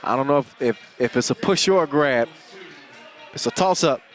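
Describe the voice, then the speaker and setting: A man calling a basketball game live, joking and energetic, getting louder on big plays. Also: medium pitch, moderate pace. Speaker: play-by-play commentator. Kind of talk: live sports commentary. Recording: crowd and music under the commentary. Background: arena crowd and music.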